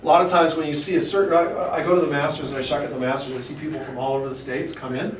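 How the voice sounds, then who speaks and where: A man talks staff through oyster shucking in a casual, rambling way, full of jokes and acted-out asides. His voice is a bit high for a man and comes from a camera a few steps away. The shop echoes, with a faint hum underneath. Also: fairly even intonation, rapid-fire, far from the mic. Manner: rambling, jokey, acts out quotes. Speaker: oyster shucker giving a demonstration. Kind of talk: casual hands-on talk to industry staff. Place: fish shop, indoors.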